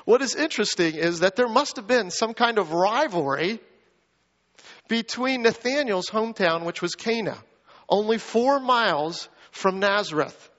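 A man preaching a sermon, animated, acting out the quoted lines in a rising voice. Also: high voice, measured pace, in a large hall, highs cut off. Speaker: pastor.

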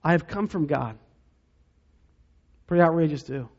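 A man preaching a sermon as pastor, dramatic, dropping to a hush to stress key points. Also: on the high side, animated, moderate pace, breathy edge, lo-fi sound. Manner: dramatic, drops to a hush for emphasis.

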